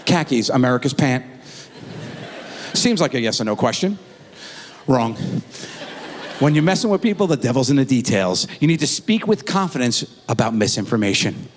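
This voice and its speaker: Man, stand-up comedian, lively swooping delivery, acts out characters, theatre stage, long reverb. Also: medium pitch, normal speed, long pauses, a little hiss or hum. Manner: animated storytelling, acting out characters. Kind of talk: live stand-up performance.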